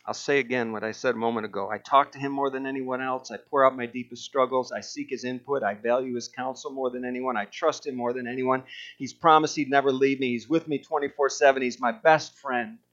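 A man's voice: medium pitch, steady tone, fairly quick, fairly bright tone. A man preaching a sermon who reads aloud earnestly and emphatically, with fillers and restarts. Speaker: pastor. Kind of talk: sermon with reading aloud from a book. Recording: dull lo-fi recording.

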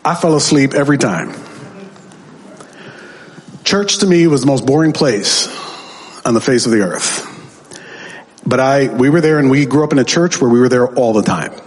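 A man's voice: mid-range voice, lively intonation, moderate pace, pauses often, long reverb tail. A man preaching a sermon, telling his testimony as a story and acting out the voices he quotes, building to emphatic peaks.

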